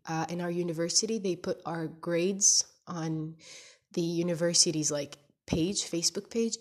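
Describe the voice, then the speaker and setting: A woman's voice: lowish voice, a little mellow. Stuffy-nosed young woman in a candid video diary. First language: not English. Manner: candid, rambling, searching for words. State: stuffy nose from crying. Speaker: podcaster. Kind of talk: casual confessional video diary.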